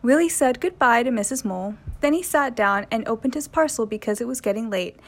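A woman reading a children's story aloud. Her voice sits a little high, and the delivery stays gentle and clear. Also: animated, brisk.

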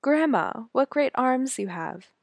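A woman's voice: sits high, animated, slow pace, creaky, no room sound, voice pushed up, exaggerated voice. A woman doing a wide-eyed little girl. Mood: amazed. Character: curious young girl in red hood.

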